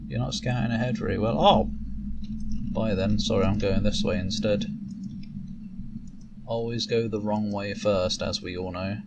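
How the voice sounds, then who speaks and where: Man, let's-play commentary, sarcastic, reads text aloud, low voice, distant mic. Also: normal speed, creaky, pauses often. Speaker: gameplay commentator. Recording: loud noise, distant mic.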